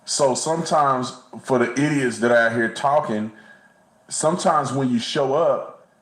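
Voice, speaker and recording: A man's voice: mid-range voice, unhurried, echoey room, low-quality recording. A man co-hosting a casual commentary livestream, talking bluntly and animatedly, often stumbling and repeating words. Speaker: co-host.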